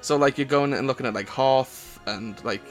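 A man's voice: mid-range voice, moderate pace, soft background music. A man with a Welsh accent co-hosting a casual podcast on a headset mic, rambling with lots of fillers and restarts. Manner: rambling, hesitant, many fillers. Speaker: podcast co-host.

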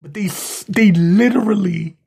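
A podcast host working around Washington DC rants indignantly, heaping mockery on the people in his commentary. His voice is high-pitched, gravelly, darkish and slightly rough, at a moderate pace.

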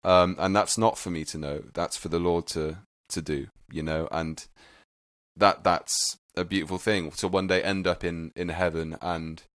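Deep-voiced earnest man. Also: steady tone, moderate pace, fairly bright tone, no echo, clean studio sound. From United Kingdom. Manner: earnest, reflective, some hesitant fillers. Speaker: guest musician. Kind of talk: casual interview chat.

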